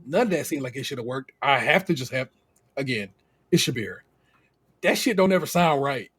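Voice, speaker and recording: A man from the United States co-hosting a podcast. He recaps a TV show in a casual, animated, slangy way and laughs often. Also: mid-range voice, fairly quick, husky. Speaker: podcast co-host.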